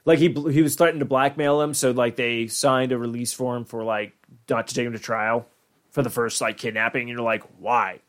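A man's voice: medium pitch, fairly even intonation, brisk. A young man co-hosting a podcast in casual chat, rambling with lots of fillers and swearing. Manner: rambling, profane, full of "like" fillers. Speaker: podcast co-host.

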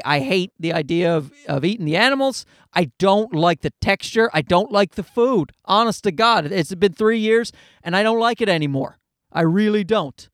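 A man with a high, gravelly voice talks straight to his viewers in a loose, unscripted vlog. He is blunt and swears freely, and his pitch swings widely as he stumbles and restarts mid-thought. The sound is dry and close. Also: fairly bright tone, dry recording. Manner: blunt and profane, with many restarts. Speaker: vlogger. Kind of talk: casual personal chat to camera.

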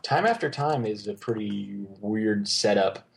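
A man's voice: on the low side, animated, unhurried, gravelly, slight background noise. A man co-hosting a casual movie chat, rambling and enthusiastic, full of fillers and restarts. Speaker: podcast co-host.

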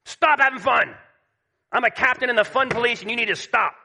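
A grumpy old grandfather barks at kids to stop having fun, his voice high and sharp as he scolds, put on by a male preacher. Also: fairly quick, gravelly, heavily acted. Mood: scolding. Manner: shouting, scolding.

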